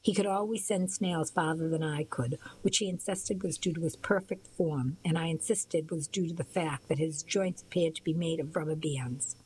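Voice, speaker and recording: A woman calmly narrating a first-person novel in a soft voice that at times drops to a near-whisper. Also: deep voice, normal speed, few pauses, a little hiss or hum, low-quality recording. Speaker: audiobook narrator.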